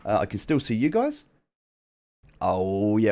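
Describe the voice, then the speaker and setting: A man's voice: medium pitch, animated, fairly quick, darkish tone. A man hosting a casual livestream from an upstairs room at home, chatting straight to his viewers and often repeating himself. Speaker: livestream host.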